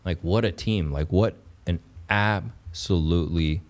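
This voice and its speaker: A man hosting a casual livestream, talking straight to his chat, excitable and repeating himself. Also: deep voice, measured pace. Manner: excitable, repeats phrases, talks to chat as "pups". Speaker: livestream host.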